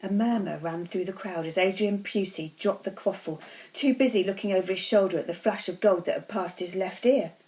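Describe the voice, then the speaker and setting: A woman teacher reads a novel aloud to her pupils. Her storytelling is steady and expressive. She sits at the middle of the usual pitch for a woman. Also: fairly quick, rough recording.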